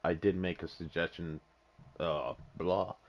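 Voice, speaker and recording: Very deep-voiced man on a lo-fi line. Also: fairly even intonation, measured pace. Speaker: podcaster. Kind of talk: casual chat.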